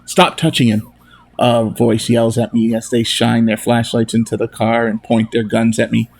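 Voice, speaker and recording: A man reading his own novel aloud as a steady first-person narration. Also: medium pitch, moderate pace, gravelly.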